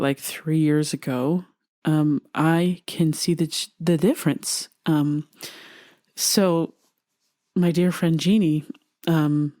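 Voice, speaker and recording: A woman's voice: fairly low pitch, a little mellow, no echo, clean studio sound. A woman hosting a personal podcast, speaking openly and earnestly with frequent light laughs. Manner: open and earnest, laughs often, many fillers. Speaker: podcast host. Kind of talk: candid personal podcast talk.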